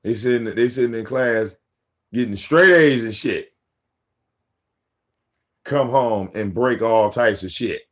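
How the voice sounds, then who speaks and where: A man in his forties hosts a live stream and tells stories in a loose, profane way. He acts out what people said with lively, jumping delivery. His voice sits at an ordinary middle pitch. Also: takes it slowly, long pauses. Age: 40s. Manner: profane, animated, acts out quotes. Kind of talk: casual storytelling.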